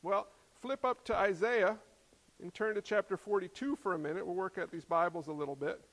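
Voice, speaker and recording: A pastor with a fairly high voice delivers his sermon in a relaxed, conversational way. He slips light humorous asides in between points. His voice rings out with long reverb in a hall. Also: a little fast.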